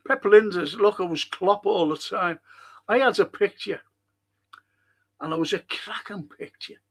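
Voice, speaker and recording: Male podcast host, gravelly and slightly high-pitched, blunt and foul-mouthed, in casual live-stream chat. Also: unhurried. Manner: blunt, swears freely, reads viewer comments aloud.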